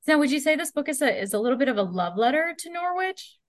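A woman hosting a podcast, her high voice rising and falling in a lively way. She asks short questions and keeps her listening sounds brief. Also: quick pace. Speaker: podcast host. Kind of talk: podcast interview.

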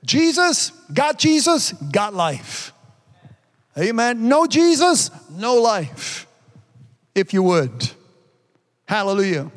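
A man's voice: sits high, sing-song, slow, long pauses. An older man preaching a fervent sermon as pastor, constantly punctuating his points with "amen" and "praise God.". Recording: long reverb in a large hall.

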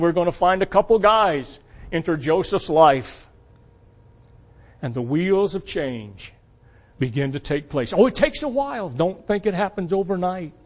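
A man preaching a sermon to his congregation, emphatic and asking them rhetorical questions, swinging between loud peaks and quiet asides. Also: high-pitched. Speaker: pastor.

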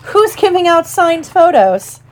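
A woman's voice: very high voice, big pitch swings, unhurried, voice pushed up, full character voice. A woman voicing a vain, pompous grown male teacher who talks jovially and patronizingly. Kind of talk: audiobook character voice.

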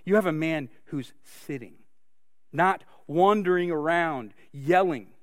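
A man's voice: a little high, a little slow, dry recording, clean studio sound. A man preaching a sermon, earnest and full of rhetorical questions. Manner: earnest, asks rhetorical questions, many restarts. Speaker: pastor.

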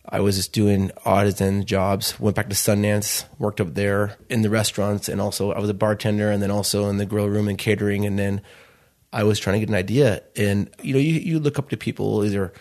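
A man's voice: on the low side, gravelly, darkish tone. A man in his thirties from Chicago, a restaurant owner telling his story in an interview, rambling loosely and acting out the dialogue he quotes. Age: 30s.

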